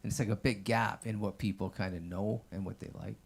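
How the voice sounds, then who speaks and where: A man's voice: fairly low pitch, fairly even intonation, brisk, creaky, slightly rough. A man doing a loose, rambling stand-up set at an open mic, peppering his talk with "like" and "man". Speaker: stand-up comedian. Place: stage at an open mic showroom.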